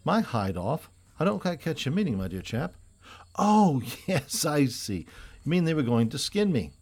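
Man doing a foppish young dandy, affected, prissy, refined, slightly raised pitch, audiobook. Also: sing-song, normal speed, a little mellow, breathy edge, exaggerated voice. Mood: chatty. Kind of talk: audiobook character reading.

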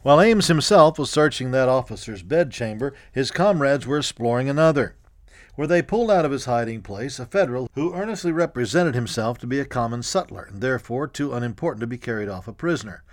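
A man reading a history audiobook in a measured, even storytelling manner. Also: mid-range voice, no room sound, clean studio sound. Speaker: narrator. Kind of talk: scripted audiobook narration.

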